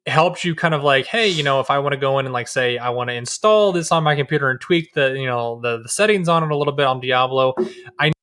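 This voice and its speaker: A man's voice: medium pitch, fast, fairly bright tone. A man in his thirties co-hosting a casual podcast chat, rambling with restarts and easy laughter. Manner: rambling, lots of restarts and fillers, laughs easily. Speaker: podcast co-host.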